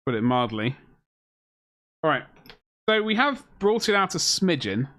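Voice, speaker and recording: A man's voice: on the high side, big pitch swings, measured pace, sharp tone. Chatty man on a hobby stream. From Britain. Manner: chatty, reads viewers' chat aloud and answers it with jokes. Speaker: live stream host. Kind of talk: casual live-stream chat while building a miniature.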